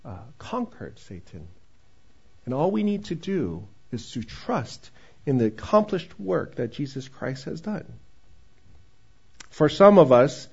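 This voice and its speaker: Male pastor, conversational sermon, high-pitched voice, gravelly texture, muffled recording. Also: darkish tone. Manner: conversational, joking with the congregation.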